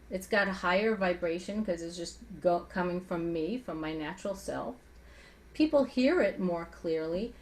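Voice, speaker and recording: A woman's voice: medium pitch, animated, normal speed. A woman voice coach, once a singer, talking in a chatty teaching style and asking rhetorical questions as she explains how to use the voice. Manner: speaks with a singer's trained voice. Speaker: voice coach guest. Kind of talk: conversational teaching with vocal demonstrations.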